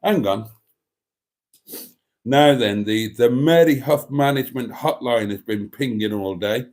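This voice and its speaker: A man's voice: medium pitch, unhurried, a little mellow. A man hosting a live stream, chatting in a theatrical, camp way, calling listeners darlings and rambling with self-mocking muttered asides. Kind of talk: casual chat reading out viewer comments.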